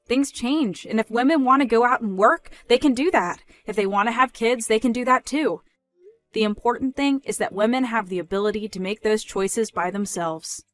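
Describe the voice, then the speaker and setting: A young woman voicing an independent daughter who speaks in a measured, firm way in a scripted story dub. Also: a little high, soft background music, natural voice.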